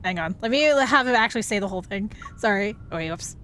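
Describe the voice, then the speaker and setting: A young woman streaming a game, excitable and giggly, gushing as she reads the dialogue aloud. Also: mid-range voice, fast talker, a little hiss or hum. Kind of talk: gaming livestream commentary. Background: game music.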